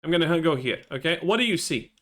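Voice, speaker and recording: A man's voice: a little high, lively intonation, quick pace, a bit bright. A man giving ranting gameplay commentary, frustrated and profane. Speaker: gaming channel host.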